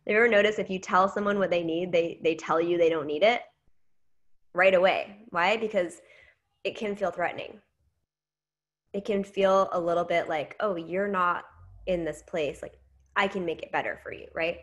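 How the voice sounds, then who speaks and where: A woman in her thirties giving a casual training talk, telling a story with lively quoted dialogue. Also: fairly low pitch, moderate pace, muffled recording. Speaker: network marketing trainer.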